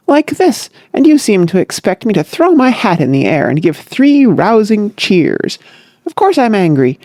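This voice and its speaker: Brief: narrator's voice for a choleric, self-willed dad, blustering with lively swings, dry read. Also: male voice, high-pitched, dry recording, voice pushed up. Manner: blustering, testy. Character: irascible, self-willed older father.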